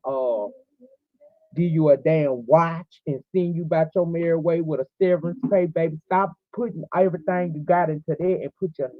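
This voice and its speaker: Her voice sitting low, a forties-aged woman preaches passionately to viewers on her livestream. The recording has a tinny, phone-style quality, completely dry with no room sound.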